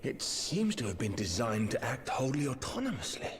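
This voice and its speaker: A calm engineer explains things in a measured, steady tone at a middle pitch. His delivery is plain and unhurried. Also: a crowd in the background.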